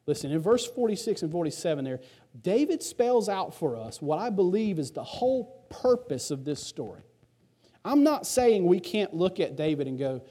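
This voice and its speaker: A man's voice: high-pitched, very animated, normal speed, dark tone, breathy edge. A male pastor preaching a sermon in a conversational, storytelling way.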